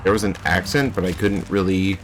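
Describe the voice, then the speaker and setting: A man streaming a mystery game, thinking aloud and chatting with his viewers in a relaxed way. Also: deep voice, brisk, faint music behind. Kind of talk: casual gameplay commentary.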